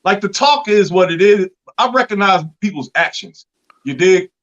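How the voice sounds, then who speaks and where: A high-voiced man calls in and chats casually. He stammers and restarts, leaning on slang fillers. The call audio is dull and lo-fi. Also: animated, normal speed, a bit bright. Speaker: caller.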